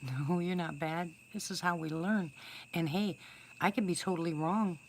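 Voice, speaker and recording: A woman's voice: lowish voice, normal speed, slight background noise. A woman casually chatting with livestream viewers, greeting them by name and calling out whoops. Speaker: livestream host talking to viewers. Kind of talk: casual live chat outdoors. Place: outdoors in woods at night.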